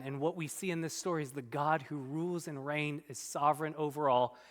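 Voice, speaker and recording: Man, pastor, sermon, emphatic then hushed, raised pitch, ringing church reverb. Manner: animated and emphatic, dropping to soft, quiet tones. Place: church sanctuary. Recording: long reverb in a church hall.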